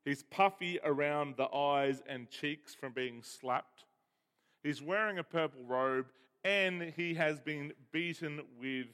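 A man's voice: on the high side, slow pace, fairly bright tone, smooth. A man preaching a sermon, explaining a Bible passage with emphasis and reading scripture aloud. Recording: hall reverb.

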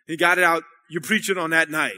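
A man's voice: fairly high pitch, fairly even intonation, brisk, sharp tone. A man preaching a sermon at a church service, talking conversationally and checking in with the congregation. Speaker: pastor.

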